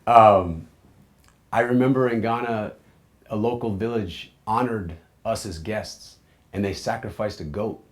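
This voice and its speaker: A man in his forties from the United States, telling his life story in a candid, reflective way, often dropping into soft, low asides. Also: a little slow.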